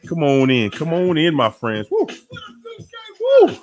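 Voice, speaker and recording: A man's voice: on the high side, lively intonation, over music. A man hosting a live stream, greeting viewers in the chat one by one and hyping them up, still sweaty after a workout. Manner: hypes up viewers, drawn-out shout-outs. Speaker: livestream host.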